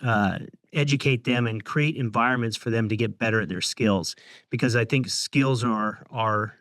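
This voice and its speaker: A man's voice: mid-range voice, a bit bright, no echo. Man musing with fillers, dry sound. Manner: reflective, halting with many fillers. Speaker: brokerage training leader. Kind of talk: casual business discussion.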